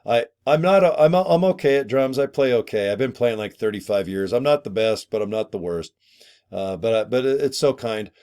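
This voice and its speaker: Chatty excitable middle-aged man vlogging. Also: medium pitch, a little fast. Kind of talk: casual talk to camera.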